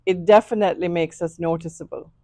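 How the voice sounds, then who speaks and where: A Jamaican woman being interviewed as an author, speaking in a measured, reflective way. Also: on the low side, fairly even intonation, a little mellow, dry recording, studio quality. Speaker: author guest. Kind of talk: interview conversation.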